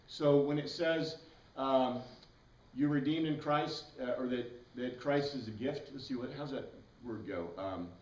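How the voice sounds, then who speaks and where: A man's voice: mid-range voice, a little slow, darkish tone. A man teaching a Bible class, explaining words patiently, spelling some out letter by letter, with enthusiastic asides. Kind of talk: classroom lecture. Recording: roomy echo, mic far away.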